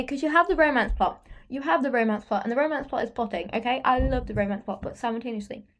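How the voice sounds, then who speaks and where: A woman reviewing a book in a casual vlog, gushing and repetitive, tagging "okay?" onto her sentences. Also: a little high.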